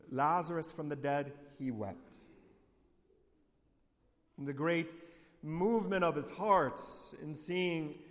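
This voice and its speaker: A man, a priest, giving a reflective homily, often dropping quiet and low on key lines. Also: big-room sound.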